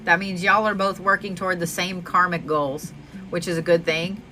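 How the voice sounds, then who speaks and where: A woman's voice: lowish voice, fairly even intonation, normal speed, sharp tone, a little hiss or hum, poor audio. A woman giving a live astrology reading, chatty, affectionate and freely profane. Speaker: astrology reader. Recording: music playing behind. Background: clear background music.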